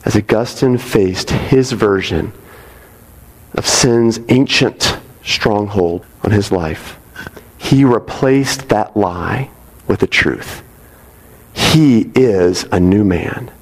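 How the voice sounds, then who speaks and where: A man's voice: fairly low pitch, extremely slow, long pauses, husky. A man preaching a sermon to a congregation in a conversational way, often checking in with "right?". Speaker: pastor. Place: church sanctuary. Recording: long reverb of a large hall.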